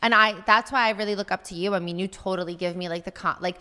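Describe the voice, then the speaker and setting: A woman's voice: mid-range voice, fairly even intonation, quick pace, sharp tone, smooth. A woman talking as a podcast guest in casual chat, rambling with many fillers. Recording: room with long reverb.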